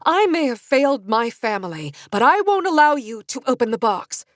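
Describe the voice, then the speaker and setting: A woman's voice: a little high, big pitch swings, normal speed, no room sound, studio quality. A woman voicing a proud guardian of a family secret, speaking firmly and earnestly. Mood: defiant.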